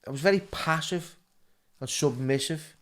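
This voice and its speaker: A man's voice: a little high, normal speed. A middle-aged man with a Liverpool accent, a guest telling his story in a casual interview, stumbling and repeating words as he goes.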